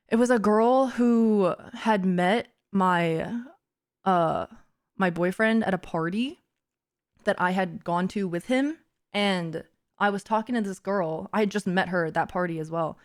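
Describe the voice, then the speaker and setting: A young woman livestreamer chatting casually and frankly, laughing often and saying "like" a lot. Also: medium pitch. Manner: frank and giggly, peppered with "like". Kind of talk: casual chat.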